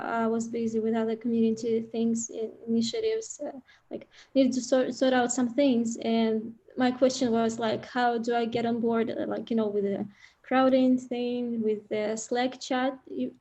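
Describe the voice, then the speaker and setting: A woman talks casually on a video call, often pausing to search for words. Her voice sits a little high, yet its tone stays mellow and warm. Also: flat delivery. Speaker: new translation proofreader.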